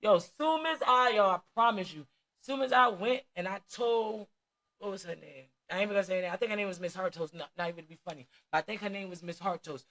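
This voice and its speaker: A woman's voice: mid-range voice, quick pace, a bit bright. A woman with a New Jersey accent telling her life story candidly, in blunt street slang with plenty of swearing.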